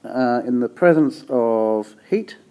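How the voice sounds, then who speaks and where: A male teacher explaining a topic in a relaxed, chatty way, often checking in with the listener and restarting his sentences. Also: mid-range voice, takes it slowly, smooth. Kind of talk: casual classroom explanation.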